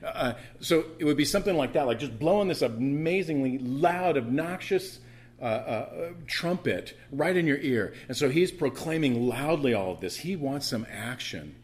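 A man preaching a sermon, animated, often stammering and restarting, building to loud proclamations. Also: medium pitch, normal speed. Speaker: pastor.

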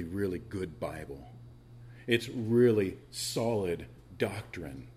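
A man's voice: mid-range voice, darkish tone. A man pastor preaching a sermon, emphatic and questioning the congregation as he teaches from scripture.

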